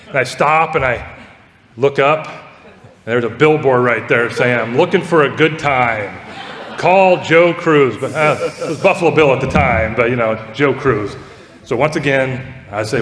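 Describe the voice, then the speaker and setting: A man's voice: mid-range voice, a little slow, a bit bright. A man giving a joking, profane roast speech to a laughing audience. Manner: joking, profane, laughing at his own lines. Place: large echoey party hall with audience. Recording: echoey hall, crowd noise.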